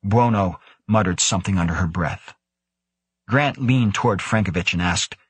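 A male audiobook narrator with a husky, low voice reads a script in a steady, measured storytelling style. There is no room sound.

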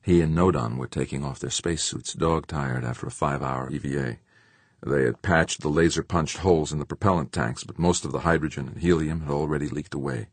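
A man narrating an audiobook in an expressive storytelling manner. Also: extremely low pitch, fairly quick, breathy edge, no room sound. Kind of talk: scripted narration.

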